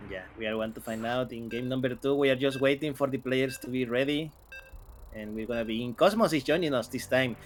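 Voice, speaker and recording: A man's voice: medium pitch, fairly quick, a little hiss or hum. A man co-casting a live strategy game tournament, jokey, often stumbling and restarting his words. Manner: stammers on restarts, jokey, says "mate". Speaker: esports co-caster.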